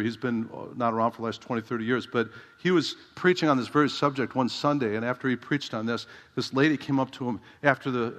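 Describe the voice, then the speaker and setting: A middle-aged pastor with a mid-range, fairly bright voice preaches a sermon. He's conversational and direct, often putting rhetorical questions to the congregation, and the recording carries a long hall reverb.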